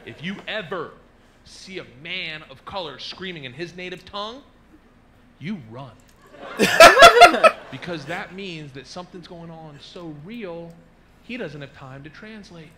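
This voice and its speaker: A man doing a stand-up routine, swinging from low confiding asides to loud shouted bursts, recorded live with an audience laughing. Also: very animated, slow pace, pauses often, noisy background. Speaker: stand-up comedian.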